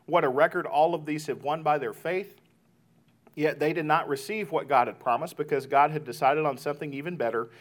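Male pastor, thirties, slightly high voice, easy conversational sermon delivery. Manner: conversational, addresses congregation as "guys"; retells family talk with lively voiced asides.

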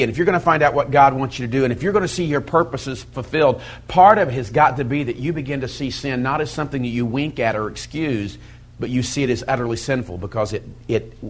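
A middle-aged man preaching to a men's Bible study in a conversational style, swinging from loud emphasis to quiet, intense asides. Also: medium pitch. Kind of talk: sermon.

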